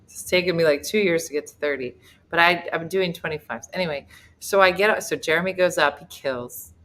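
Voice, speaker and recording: A woman's voice: lowish voice, fairly quick, a bit bright. A middle-aged woman comedian and host, telling a self-mocking story in casual group chat and laughing as she goes. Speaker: comedian and talk show host.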